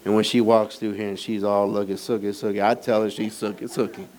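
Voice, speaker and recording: A middle-aged male pastor preaching a sermon in a church, moving between conversational, teasing asides to the congregation and animated, rising emphasis. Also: fairly low pitch, fairly quick. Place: church sanctuary.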